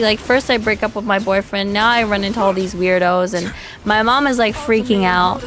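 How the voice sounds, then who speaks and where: A woman's voice: mid-range voice, steady tone, normal speed, a bit bright. A young woman streaming, chatting casually with her chat in a frank, crude, self-mocking way with frequent laughs. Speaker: vtuber streamer. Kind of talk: casual livestream chat reading comments.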